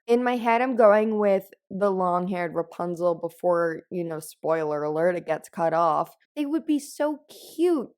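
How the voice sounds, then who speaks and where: A woman's voice: fairly low pitch, a little mellow. A woman hosting a podcast in casual chat, gushing and telling stories with animation. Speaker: podcast host.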